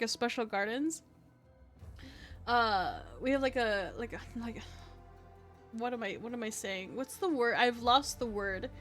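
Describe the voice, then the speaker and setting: A tired woman with a scratchy throat, rambling as she streams a game, full of fillers, swearing and joking at her own expense. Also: a little high. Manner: rambling, filler-heavy, swears freely, self-mocking. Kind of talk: casual live-stream chat.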